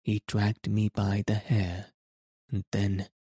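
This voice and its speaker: A male audiobook narrator with a measured, solemn delivery. His voice is deep and dark and stays flat. The recording is close and dry. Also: breathy edge, dry recording.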